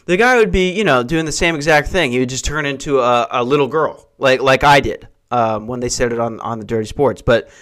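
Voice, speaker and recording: A man's voice: mid-range voice, brisk, few pauses, a bit bright. A young man hosting a podcast, rambling through casual, profane, jokey stories. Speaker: podcast host.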